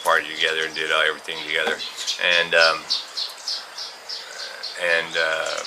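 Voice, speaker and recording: A man's voice: a bass voice, completely flat delivery, normal speed. A middle-aged man from California telling a rambling story in a casual way, with many fillers and restarts and the odd chuckle. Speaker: vlogger telling stories. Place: outdoors on a farm. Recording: outdoor insect and bird noise. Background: birds and crickets.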